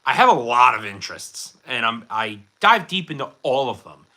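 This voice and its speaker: A man hosts a casual livestream, answering viewer chat in a rambling, jokey, self-deprecating way packed with fillers. His medium-pitched voice is very animated and sharp in tone, moving at a normal speed.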